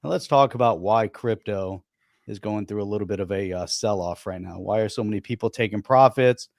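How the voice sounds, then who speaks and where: A man's voice: on the low side, creaky, darkish tone, dry recording, clean studio sound. A man hosting a live-stream talk show, chatting casually in an upbeat, jokey way. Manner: upbeat, jokey, quick asides. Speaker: host.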